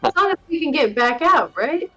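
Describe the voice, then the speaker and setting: A woman playing a tabletop game with a very high, lively voice. She is casual and sassy, and she teases the other characters. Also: moderate pace, faint music behind, low-quality recording. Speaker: player.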